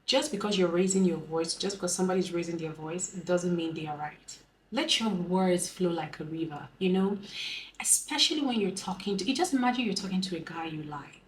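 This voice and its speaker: A young woman with a Nigerian English accent speaks slowly and calmly, choosing her words with care. Her voice sits a little low for a woman, with a faint hiss of noise behind it. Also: low-quality recording. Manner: slow, calm, deliberate delivery. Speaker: beauty and lifestyle vlogger. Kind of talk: advice vlog.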